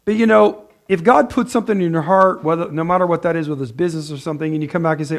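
Brief: male pastor, higher-pitched voice, casual joking sermon style. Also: lively intonation, fast, fairly bright tone. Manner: chatty, asks the room "right?", laughs at own jokes. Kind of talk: conversational sermon.

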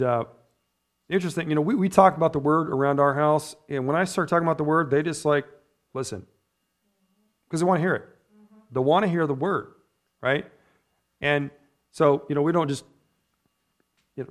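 A man preaching a sermon in church in a loose, conversational way, often checking in with his listeners with a quick "right?" or "amen?". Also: mid-range voice. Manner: chatty, tags points with "right?" and "amen?". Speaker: pastor.

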